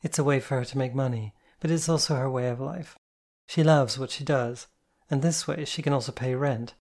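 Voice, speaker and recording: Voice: medium pitch, moderate pace, a little mellow, lightly acted. A reader voicing a motherly, weary woman who sighs and speaks bluntly. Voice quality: sighing, blunt. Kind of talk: audiobook character voice.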